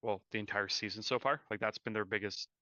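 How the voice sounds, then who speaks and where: Man co-host, casual rambling hockey chat, bright and crisp, dry dull sound. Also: lowish voice, fairly even intonation, fast talker, no room sound. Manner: rambling, filler-heavy, self-correcting. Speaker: podcast co-host. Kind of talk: casual live-stream chat.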